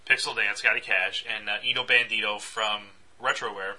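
A man's voice: fairly low pitch, normal speed. A man co-hosting a podcast, telling a story in casual chat and acting out the quotes. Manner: animated storyteller, acts out quotes.

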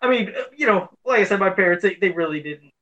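A man's voice: high-pitched, animated, fast, bright, forceful tone, lo-fi sound. A man on a podcast chatting laid-back about movies he watched growing up. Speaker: podcast co-host. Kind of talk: casual chat.

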